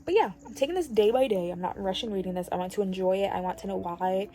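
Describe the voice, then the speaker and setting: A woman's voice: mid-range voice, fast, warm tone. A young woman vlogging casual reading updates, chatty and gushing, with lots of fillers. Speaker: book vlogger. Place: at home while doing laundry. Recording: noisy home recording. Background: washing machine noise.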